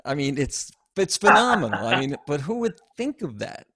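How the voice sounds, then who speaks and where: A man's voice: fairly high pitch, sing-song, moderate pace, sharp tone, slightly rough, no echo, studio quality. A man hosting an interview, asking questions with enthusiastic compliments. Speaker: podcast host. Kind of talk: casual interview chat.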